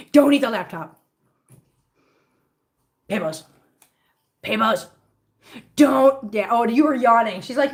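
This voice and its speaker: Woman, casual livestream chat, baby-talk to cats, fairly high voice, at home. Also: expressive, unhurried, long pauses. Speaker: host of a cat-care livestream.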